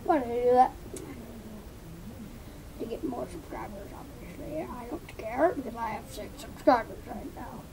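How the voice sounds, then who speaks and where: High-voiced chatty woman vlogging. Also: normal speed, pauses often, background noise. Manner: rambling, chatty self-talk with asides to viewers. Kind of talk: casual commentary while painting.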